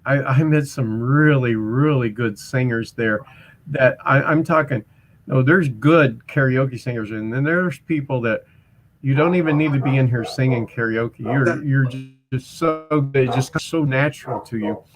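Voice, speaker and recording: A man's voice: mid-range voice, normal speed. Man in his sixties telling stories. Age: 60s. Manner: animated storyteller who acts out other people's voices. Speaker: guest, musician and karaoke host. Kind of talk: casual storytelling interview.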